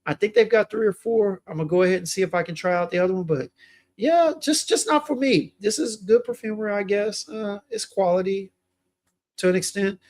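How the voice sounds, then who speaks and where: Chatty young man with a high voice. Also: fairly quick, darkish tone. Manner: laid-back, chatty, reads viewer comments aloud. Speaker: fragrance livestream host. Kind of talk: casual livestream chat.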